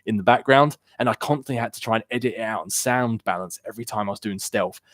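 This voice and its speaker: On a gaming live stream from a room at home, a young man rambles casually and fields viewer questions from chat. His voice is fairly low, quick and a bit bright, captured cleanly with studio quality and no room sound despite a worn-out desk mic.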